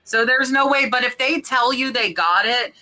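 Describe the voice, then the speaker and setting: A woman's voice: on the high side, moderate pace, sharp tone. A woman hosting a casual podcast chat, reading out viewer questions with lots of "um" and "like.". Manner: chatty, many fillers like "um" and "like".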